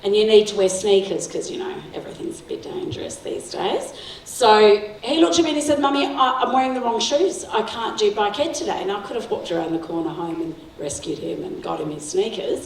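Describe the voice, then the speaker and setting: Her voice medium in pitch, expressive and brisk, a middle-aged woman from Sri Lanka tells parents stories as a guest speaker in a school hall. She laughs often, warmly asks the audience "right?", and is heard through a far-off mic amid echo and faint background noise.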